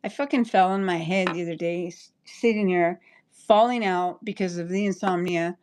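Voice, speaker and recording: A woman's voice: fairly low pitch, normal speed, darkish tone, slight background noise. A woman chatting on a livestream, rambling and apologetic, stopping and restarting her sentences. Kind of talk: casual livestream chat.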